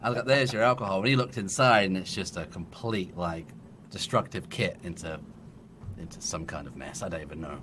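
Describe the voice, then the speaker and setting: A man's voice: low voice, a little fast, fairly bright tone, a little hiss or hum. A man in his thirties with an English accent, a podcast guest telling a long, laughing story in casual chat. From England.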